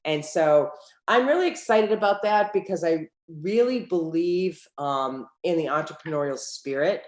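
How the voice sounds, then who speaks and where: A middle-aged woman with a fairly low voice, recounting her business life as an interview guest. She tells stories with energy and acts out the back-and-forth in them, and her voice rings in a roomy, echoey space. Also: moderate pace. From United States. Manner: lively storyteller who acts out quoted dialogue. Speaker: entrepreneur guest. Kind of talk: conversational interview. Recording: roomy echo.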